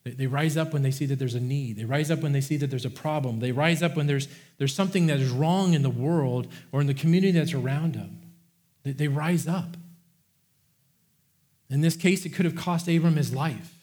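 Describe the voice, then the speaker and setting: A man's voice: a little high, a little fast, a little mellow. A man preaching a sermon, impassioned and repetitive, often restarting his words as he builds a point. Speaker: pastor.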